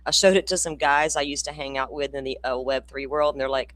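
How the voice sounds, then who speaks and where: A woman's voice: extremely low pitch, steady tone, fast talker, few pauses. An older Florida woman, hosting a casual livestream and chatting with viewers by name, laughing and swearing freely. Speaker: true crime channel host.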